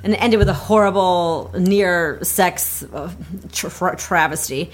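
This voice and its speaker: A young adult woman telling a story in casual conversation, animated and laughing as she talks. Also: fairly low pitch, takes it slowly. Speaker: comedy podcast guest.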